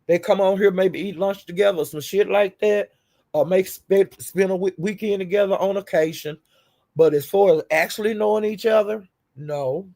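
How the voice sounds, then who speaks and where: A woman's voice: mid-range voice, moderate pace, warm tone. A woman hosting her own livestream, telling stories in a profane, laughing, casual rant. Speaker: livestream host.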